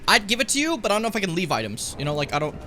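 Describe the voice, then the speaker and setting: A man's voice: sits high, huge pitch swings, rapid-fire, over music. A young man hosting a game stream, joking around in casual, playful chat and sometimes talking while eating. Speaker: streamer host. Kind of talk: casual chat over gameplay.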